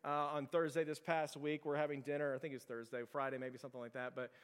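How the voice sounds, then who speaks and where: A man's voice: fairly high pitch, flat delivery, fast talker, clean tone. A man in his thirties preaching a casual, story-driven sermon, chuckling as he talks. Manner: storytelling, conversational, chuckles often. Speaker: pastor. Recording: long reverb of a hall.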